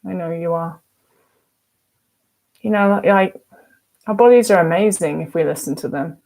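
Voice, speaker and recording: A woman's voice: lowish voice, normal speed, vocal fry, darkish tone. A woman, giving frank, emphatic advice as a recovery coach in a casual vlog and swearing freely. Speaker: eating disorder recovery coach.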